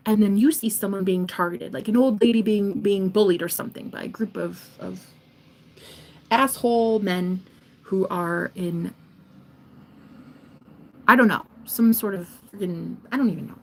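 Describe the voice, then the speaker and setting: A woman giving a casual reading to camera, animated and profane, sometimes dropping into a whisper. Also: medium pitch, normal speed, long pauses. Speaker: tarot reader.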